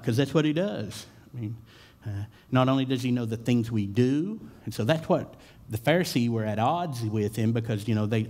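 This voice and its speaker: A man's voice: mid-range voice, warm tone. Preaching man with a conversational style. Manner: conversational preaching with filler words and repeated starts. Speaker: pastor. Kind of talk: sermon.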